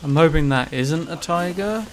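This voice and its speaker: A man commentating his own gameplay, ranting and swearing with sudden shouted outbursts. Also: on the high side, animated, normal speed, slight background noise. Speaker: gaming channel host. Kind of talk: let's play commentary.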